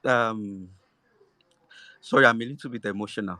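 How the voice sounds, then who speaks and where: A man speaks haltingly, stopping often for ums and restarts. His voice is bright and forceful in tone, though his pitch stays in an ordinary middle range. The sound is dry and close. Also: no echo. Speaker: guest author. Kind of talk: emotional thank-you speech.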